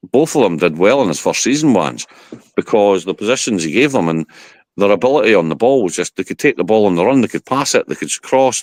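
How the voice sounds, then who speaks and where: Man, very deep voice, dry close sound, blunt rambling chat. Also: no room sound. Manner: blunt, rambling football opinions. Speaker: podcast guest. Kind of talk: casual chat.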